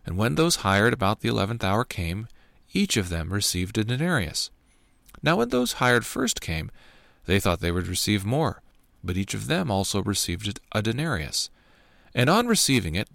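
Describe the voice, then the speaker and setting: A man giving a steady, measured reading of scripture. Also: fairly low pitch, creaky, no room sound. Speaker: scripture reader.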